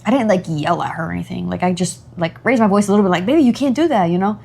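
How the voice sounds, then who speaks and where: A woman's voice: very fast, gravelly, slightly rough. A woman co-hosting a casual podcast about motherhood and faith. She talks animatedly, with many fillers. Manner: animated, acts out her child's voice in high pitch. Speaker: podcast co-host. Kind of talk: casual chat.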